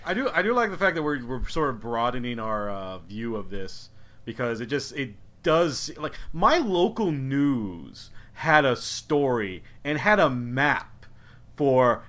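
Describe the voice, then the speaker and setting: A man's voice: mid-range voice, very animated, a little slow, sharp tone. A man on a casual podcast telling an anecdote with enthusiasm.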